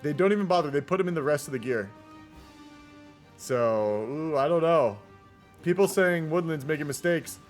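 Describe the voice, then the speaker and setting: A man's voice: a little high, measured pace, pauses often, faint music behind. A man streaming and casting a multiplayer strategy game in casual live commentary, rambling and laid-back, swearing and often tacking "man" onto his sentences.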